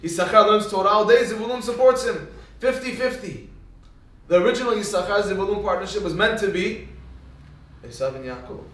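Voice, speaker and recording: Male Torah teacher with a high voice, lively storyteller, far from the mic in a very reverberant room. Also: fairly quick. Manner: animated, swings into sudden emphatic rises.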